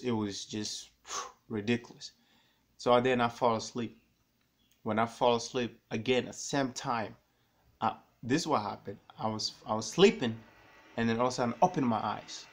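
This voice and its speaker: A man vlogging to camera, telling a personal story in a rambling, animated way and repeating himself often. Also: lowish voice, moderate pace.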